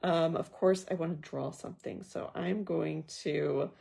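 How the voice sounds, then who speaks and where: A woman's voice: sits low, fairly even intonation, unhurried, gravelly, warm tone, husky. A woman leading a casual Bible study. She reads scripture aloud and then talks through it in a thoughtful, conversational way with personal asides. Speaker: Bible journaling teacher.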